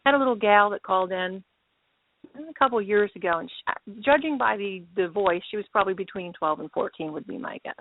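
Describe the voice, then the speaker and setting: A woman's voice: medium pitch, lively intonation, fairly quick, slight background noise. A woman hosting a paranormal talk show, telling stories in a chatty, emphatic way over a phone line. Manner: chatty storyteller, emphatic, laughs easily. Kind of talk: casual talk show chat. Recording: tinny phone-line sound, dry.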